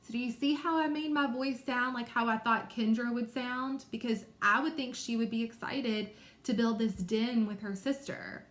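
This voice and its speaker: A woman teacher giving a recorded reading lesson to young children, explaining patiently and clearly. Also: on the high side, moderate pace, fairly bright tone.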